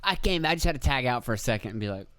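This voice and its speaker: A man's voice: mid-range voice, animated, racing, pushed and bright, smooth, no echo. Rambling, foul-mouthed podcast man, dry sound. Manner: rambling, profane, self-deprecating, acts out quotes. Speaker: podcast host. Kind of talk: casual solo podcast monologue. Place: indoor room with video camera.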